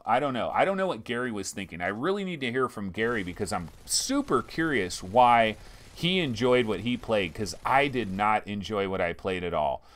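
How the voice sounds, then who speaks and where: A male host reviews VR games in a loose, slangy way and slips into rants. His pitch swings widely and climbs high when he gets worked up. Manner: animated, ranting, slangy. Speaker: VR game show host. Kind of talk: casual game review talk.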